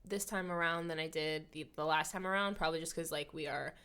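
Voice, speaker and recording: A woman's voice: deep voice, fairly even intonation, quick pace, fairly bright tone, clear, resonant tone. A woman co-hosting a casual podcast, blunt and sassy, often rambling mid-thought. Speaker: podcast co-host.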